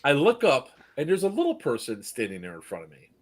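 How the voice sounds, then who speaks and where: This husky-voiced man, medium in pitch, keeps up a quick pace while chatting casually. Animated and full of energy, he narrates a story and plays out each person in it.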